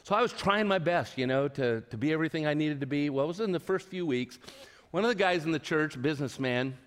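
A man's voice: a little high, lively intonation, fast talker. Man preaching in a reverberant hall. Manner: chatty and self-deprecating, with stammered restarts. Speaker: pastor. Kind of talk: storytelling sermon. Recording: long reverb of a large hall.

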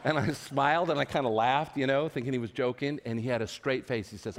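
A man's voice: medium pitch, fairly quick, slight background noise. Man preaching in a reverberant hall. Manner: chatty and self-deprecating, with stammered restarts. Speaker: pastor. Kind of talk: storytelling sermon. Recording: long reverb of a large hall.

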